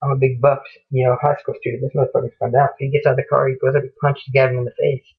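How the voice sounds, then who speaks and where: A young man tells a gory horror story in a loose, profane ramble, dropping into the characters' lines in his own voice. His delivery is flat and husky. The recording is thin and muffled, like it came through a phone. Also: mid-range voice, racing. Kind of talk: casual spoken horror story retelling.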